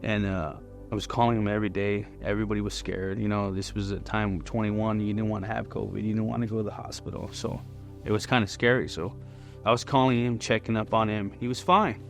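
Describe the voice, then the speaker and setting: A man in his forties tells his personal testimony in a candid, rambling way. His voice sits fairly low with a gravelly edge, and soft music plays underneath. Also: level tone, brisk. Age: 40s. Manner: candid and conversational, many fillers. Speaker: church member giving testimony.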